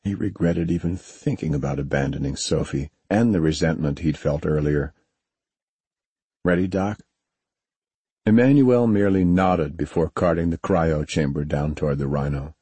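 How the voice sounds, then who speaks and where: A man narrating a science fiction audiobook in a measured, steady way, recorded on a close studio mic. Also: a bass voice, husky, no echo. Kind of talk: scripted narration.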